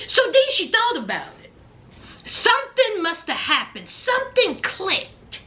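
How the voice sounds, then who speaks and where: A woman's voice: very high-pitched, huge pitch swings, unhurried, bright, forceful tone. A woman giving a blunt, sassy reaction recap of a reality show, scolding the people on it. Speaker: reality TV commentator.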